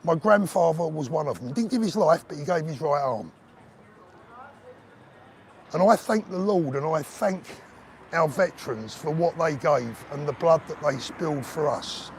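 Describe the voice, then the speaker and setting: A man's voice: on the high side, expressive, moderate pace, slight background noise. An older man hosting a live stream, chatting earnestly and emotionally with viewers and calling them mate. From England. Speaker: livestream host. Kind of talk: live-stream chat reading viewer comments. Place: outdoors on a town street.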